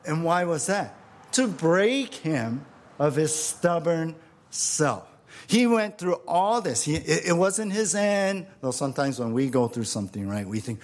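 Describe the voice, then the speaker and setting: A man preaching a sermon in a fairly high voice, taking his time over each phrase. He is emphatic, circles back on key words and keeps asking his listeners rhetorical questions. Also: lively intonation, measured pace. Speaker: pastor.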